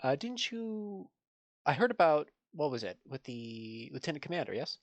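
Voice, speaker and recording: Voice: mid-range voice, big pitch swings, normal speed, no echo, voice pushed up. A game master playing a stern female colonel in a tabletop role-play, asking dry, probing questions.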